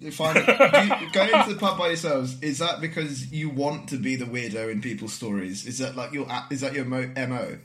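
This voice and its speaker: Guy cohosting, ordinary pitch, stumbles into his jokey questions. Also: bright, forceful tone, a little hiss or hum. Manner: halting, restarting questions with a laugh. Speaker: podcast co-host. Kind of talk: casual chat.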